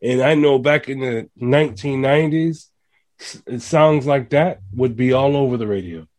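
Animated male radio host. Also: mid-range voice, normal speed. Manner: animated, preachy rants with rising emphasis. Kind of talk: casual radio interview.

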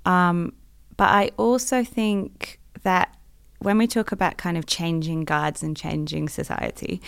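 A middle-aged British woman speaking as an interview guest. Her voice sits low with a gravelly edge, and she talks with articulate emphasis. The sound is close and dry. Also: steady tone, a little slow, dry recording. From Britain. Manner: articulate, emphatic, laughs easily. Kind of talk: conversational interview.

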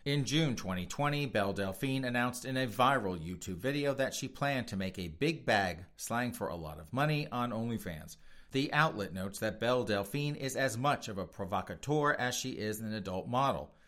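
A man's voice: medium pitch, lively intonation, moderate pace, a bit bright. A man hosting a podcast of opinion commentary, sarcastic and mocking, often laughing and talking straight to his listeners. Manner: talks straight to listeners as folks. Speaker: podcast host.

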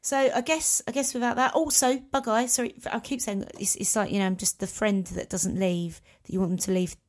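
A woman's voice: medium pitch, steady tone, brisk. A woman co-hosting a podcast in casual chat, rambling and self-mocking. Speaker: podcast co-host.

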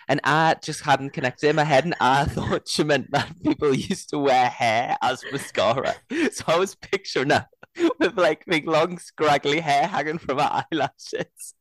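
A man's voice: on the high side, moderate pace, fairly bright tone, no echo. A man co-hosting a podcast, chatting casually with dry, sweary humour. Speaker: podcast co-host. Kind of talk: casual chat.

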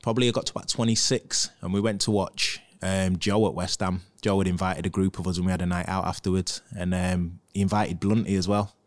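Very deep-voiced man telling stories. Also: fairly quick, hardly any pauses. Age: 30s. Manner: animated anecdotes, acting out what others said. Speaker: podcast guest, former footballer. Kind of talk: casual storytelling.

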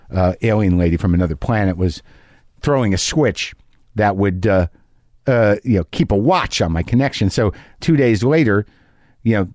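A middle-aged podcast host with a low voice tells an exasperated comic story, circling back and repeating himself as he builds the bit. The sound is close and dry, recorded in a home garage studio. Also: a little mellow, dry recording. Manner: sardonic, exasperated storytelling with repetitions. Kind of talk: comedic monologue.

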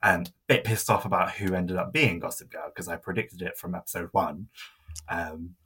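Woman on a podcast, really low voice but bright and a bit husky, tells stories, swears a lot. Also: steady tone, moderate pace. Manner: storytelling, swears freely, laughs often. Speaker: podcast co-host. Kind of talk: casual chat.

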